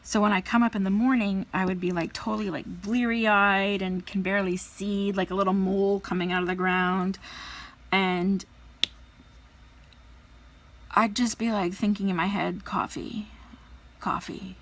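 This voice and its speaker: Her voice is medium-pitched and flat, at a normal speed, as this thirtysomething crafting vlogger chats casually. She tells stories with lots of fillers and puts on playful voices for quotes.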